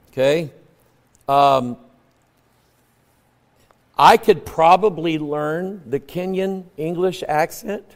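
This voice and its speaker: A male preacher delivering a sermon in a folksy, conversational way, swinging from loud emphatic peaks to low quiet asides. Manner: folksy, conversational, acts out quoted voices.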